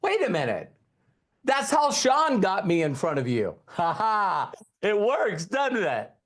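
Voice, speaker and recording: A man in his fifties giving an energetic motivational training talk as a network marketing trainer, repeating key lines and quizzing his audience. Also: sits high, takes it slowly.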